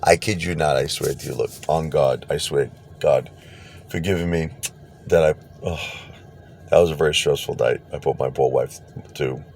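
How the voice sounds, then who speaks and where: A man telling a personal story casually, animated, laughing and acting out what people said. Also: very deep voice, normal speed, gravelly, slight background noise. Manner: animated, laughs and acts out quotes.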